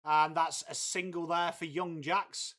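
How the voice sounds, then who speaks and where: Male streamer with a higher voice, chatty laddish banter, swears freely. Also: flat delivery, a little slow, a bit bright. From England, Whitby. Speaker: livestream host. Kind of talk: casual live watchalong chat, reading viewer messages.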